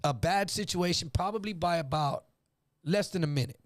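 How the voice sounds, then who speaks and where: A man telling a story in casual chat, animated, acting out voices and swearing freely. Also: fairly high pitch, normal speed, no room sound, clean studio sound. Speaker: guest.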